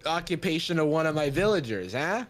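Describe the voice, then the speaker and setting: A young man in casual gaming chat with friends, joking and rattling off quick explanations. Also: on the high side, sing-song. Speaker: streamer playing with friends.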